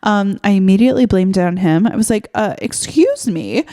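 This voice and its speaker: A woman's voice: mid-range voice, quick pace, mellow. A young woman podcast host tells a story in a loose, meandering way, with lots of fillers. She sounds exasperated and chatty, and her delivery is unpolished. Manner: rambling, filler-heavy, exasperated retelling. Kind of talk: casual storytelling monologue.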